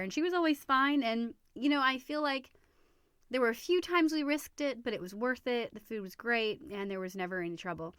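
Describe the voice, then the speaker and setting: Casting note: female podcast host, casual storyteller, lively and chatty, dry studio sound. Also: fairly high pitch, clear, resonant tone, dry recording. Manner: chatty, animated, many fillers and restarts.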